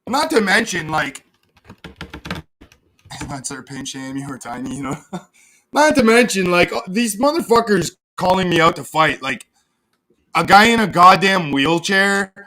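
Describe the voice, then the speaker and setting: Streamer guy ranting at chat, sarcastic and sweary, pretty high bright voice. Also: lively intonation, a little slow, long pauses. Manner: profane, sarcastic, reads chat aloud. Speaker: livestream host. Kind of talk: casual livestream rant.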